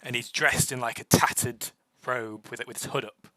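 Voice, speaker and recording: Young man as game master, bright tone, dry close mic, stop-start narration. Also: mid-range voice, fairly even intonation, no room sound. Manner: halting, many fillers and restarts.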